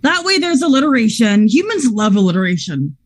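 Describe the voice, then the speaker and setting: Woman player, bubbly, stammering, breathy, higher voice. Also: fairly quick. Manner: excitable, bubbly, stumbling over words. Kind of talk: in-character tabletop play.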